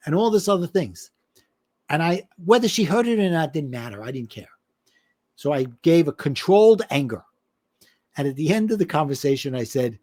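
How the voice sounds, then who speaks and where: During a podcast interview, a middle-aged man with a somewhat high voice shares a personal story at a normal speed. A life and business coach, he tells it animatedly, imitating the voices of the people involved.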